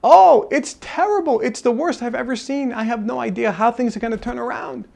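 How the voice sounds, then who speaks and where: A man voicing a cheerful billionaire friend who laughs while describing his business collapsing, in high, drawn-out exclamations. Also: huge pitch swings, a little mellow. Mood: amused dismay. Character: cheerful middle-aged male billionaire laughing off disaster.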